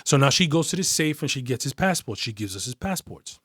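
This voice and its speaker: A man, a retired detective as a podcast guest, telling a story in a casual, profane, animated way. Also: medium pitch, fairly quick, husky, dry recording, studio quality. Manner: profane, animated, acts out quoted voices.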